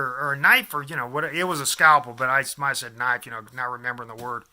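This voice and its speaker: Midwest man, fifties, piercingly bright, average pitch, meandering anecdote with constant restarts. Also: steady tone, quick pace, few pauses. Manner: digressive, many restarts and asides. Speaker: vlogger. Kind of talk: rambling personal storytelling.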